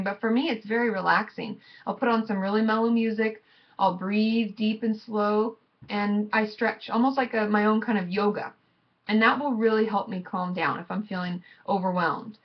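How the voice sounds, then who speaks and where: Chatty woman therapist, higher voice. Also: lo-fi sound. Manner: chatty, conversational, gently reassuring. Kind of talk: casual advice vlog. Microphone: computer mic.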